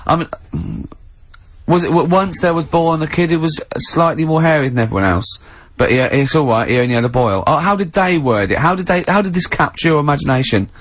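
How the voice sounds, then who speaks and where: A man's voice: fairly high pitch, brisk. A man hosting a radio show, rambling and joking in casual banter. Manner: rambling, jokey, breaks into silly put-on voices. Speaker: radio host. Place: radio studio.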